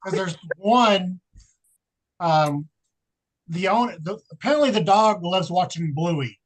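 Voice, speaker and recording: A woman's voice: lowish voice, animated, slow pace, poor audio. A woman chatting on a livestream, jumping in with questions and telling stories of her own. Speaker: livestream guest. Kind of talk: casual chat.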